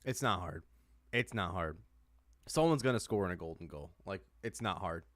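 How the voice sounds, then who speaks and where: A man's voice: low-pitched, animated, moderate pace, fairly bright tone, no room sound, clean studio sound. A man from the United States, a podcast co-host, ranting about sports with heavy swearing and lots of repetition. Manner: heated, swears a lot, repeats himself. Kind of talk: profane sports rant.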